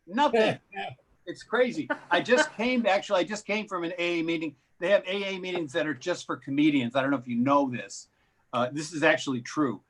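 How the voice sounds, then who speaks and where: A man's voice: high voice, a bit bright, slight background noise. A man doing a stand-up comedy set on a live stream, with wry, self-deprecating delivery.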